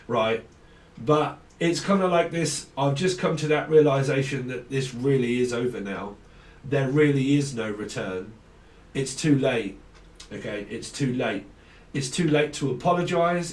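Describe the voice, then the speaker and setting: A man's voice: mid-range voice, a little mellow. A man talks loosely through a tarot reading, jumping from one name to the next and breaking into laughs. His voice sits mid-range and sounds roomy, caught from a mic set well back. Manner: rambling, free-associating, laughs often. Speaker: tarot reader. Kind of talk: casual tarot channelling. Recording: echoey room, mic at a distance.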